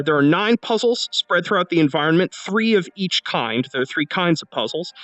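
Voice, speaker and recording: A man's voice: a little high, a bit bright, no room sound, low-quality recording. A man, a game developer, talking through his game's new features in a casual devlog walkthrough while playing, often restarting his sentences. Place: indoor room at home.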